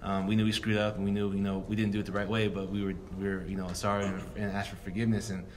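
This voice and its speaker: A man's voice: fairly low pitch, flat delivery, rapid-fire, a little hiss or hum. A young man in his twenties, a guest sharing a personal faith story in a rambling, earnest way full of fillers. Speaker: guest, football player. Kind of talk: reflective personal testimony.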